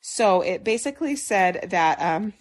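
A young woman co-hosting a podcast, telling stories in an animated way, laughing and acting out quotes. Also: medium pitch, unhurried. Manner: animated, laughing storyteller who acts out quotes. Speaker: podcast co-host. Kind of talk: casual chat.

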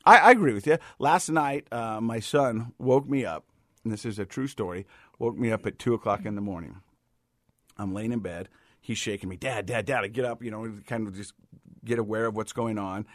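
A man's voice: on the low side, fairly quick, no echo, studio quality. Middle-aged man telling stories on a podcast. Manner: storytelling, warm-hearted, says "you know" a lot. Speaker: podcast co-host. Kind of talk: casual chat.

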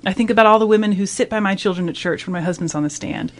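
A woman's voice: medium pitch, rapid-fire. A woman in her thirties hosting a radio talk discussion, speaking earnestly and reflectively. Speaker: radio host.

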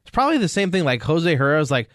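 A man's voice: a little high, rapid-fire, dry recording, clean studio sound. A man co-hosting a casual sports podcast, telling stories with lots of energy and acting out quotes. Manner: animated storytelling, acts out quotes. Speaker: podcast co-host.

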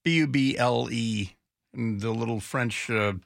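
A man's voice: mid-range voice, unhurried, vocal fry, dry recording. A man hosting a talk radio show in a studio, rambling off the cuff with sardonic asides. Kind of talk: casual talk radio monologue.

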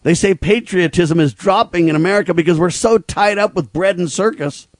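A man hosts a talk radio show with a fairly high voice that sits close and dry on the studio mic. He delivers his commentary emphatically and a little preachily, speeding up in quick bursts. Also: no echo.

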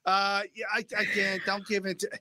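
Bright, dry-voiced man. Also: high voice, little pitch movement, moderate pace, no echo. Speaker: show panelist. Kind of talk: casual panel chat.

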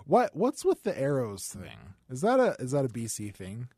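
A man co-hosting a podcast in a relaxed, enthusiastic casual chat. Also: medium pitch, moderate pace, slightly rough, no echo, clean studio sound. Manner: relaxed, enthusiastic, laughs easily. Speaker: podcast co-host.

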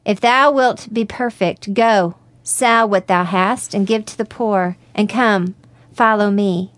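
A woman's voice: mid-range voice, no echo, lightly acted. A woman reading as a tearful old priest. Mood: solemn. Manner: slow, solemn, sighing. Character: tearful solemn male village priest. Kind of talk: read-aloud story.

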